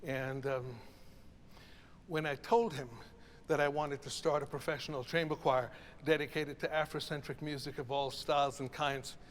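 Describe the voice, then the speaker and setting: A man's voice: on the high side, fairly even intonation, moderate pace, a little hiss or hum. A man conducting a choral masterclass, coaching singers in an encouraging, reflective way. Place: rehearsal hall with a choir. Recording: reverberant hall, faint ambience.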